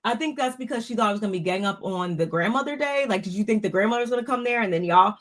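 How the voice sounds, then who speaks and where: A woman with a mid-range voice talks fast and expressively, giving a casual recap of a reality show. She's chatty and opinionated, speaking freely and restarting often.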